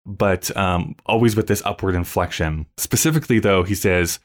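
A man's voice: lowish voice, brisk, few pauses. A man hosting a casual podcast chat, explaining things eagerly. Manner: enthusiastic, explanatory. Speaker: podcast host.

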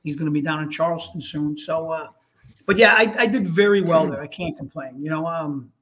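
A man's voice: on the high side, brisk, crowd noise. A middle-aged man, a retired fire lieutenant telling stories in casual, profane chat and acting out the voices.

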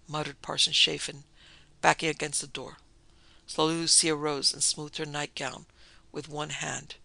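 A male storyteller reads a dark tale in a measured, dramatic way. His voice is bright and edgy, with a gravelly rasp. The sound is close and dry, with a flat melody. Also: fairly high pitch, no echo, poor audio. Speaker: narrator.

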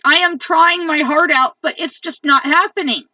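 A woman rants in a long angry monologue, repeating herself and swearing for emphasis. Her voice is high and bright with a tense edge. It is recorded dry, from a distance, with a dull lo-fi sound. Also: normal speed, hardly any pauses, no room sound. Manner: angry, repetitive ranting; profane, emphatic. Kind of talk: venting monologue.

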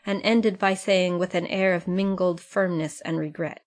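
Calm woman narrating a classic novel. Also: fairly low pitch, unhurried, hardly any pauses. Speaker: audiobook narrator. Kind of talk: scripted narration.

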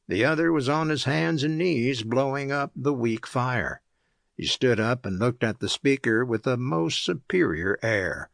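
A man reading an audiobook aloud as narrator, in a measured, even storytelling manner. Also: medium pitch, vocal fry, dry recording, studio quality. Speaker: audiobook reader.

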